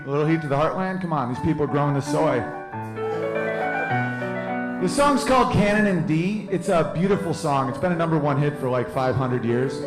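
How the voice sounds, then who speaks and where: A man in his thirties, his voice on the high side, performs a brash, crude stand-up set on a club stage and riffs with the crowd. The sound is roomy.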